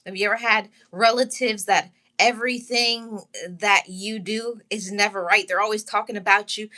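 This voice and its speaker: A woman with a bright, clear voice tells her own story of heartbreak to viewers she calls loved ones. She speaks heartfelt and earnest, repeating herself and restarting lines as she fights back tears. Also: medium pitch. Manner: heartfelt, repetitive, pausing and restarting, greets live chat. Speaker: channel host sharing her story. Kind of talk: emotional personal testimony to viewers.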